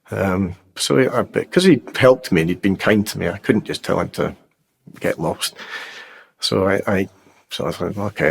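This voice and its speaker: A man with a very low voice and a husky, slightly rough edge recounts his personal testimony. He talks reflectively and unhurriedly, leaning on fillers like "you know" and "um" as he gathers his thoughts. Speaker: guest sharing a faith testimony. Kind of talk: personal storytelling.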